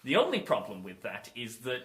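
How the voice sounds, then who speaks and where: A man's voice: mid-range voice, wildly swooping pitch, brisk, fairly bright tone. A young man chatting casually as co-host of a film review podcast, rambling with restarts and asides.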